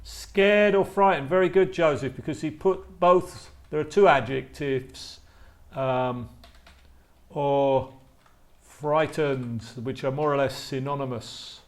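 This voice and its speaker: Guy teaching online, super slow, says every word twice, keyboard typing behind. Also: medium pitch. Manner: slow, drawn-out, repeats words for learners. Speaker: English teacher. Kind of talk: live online class.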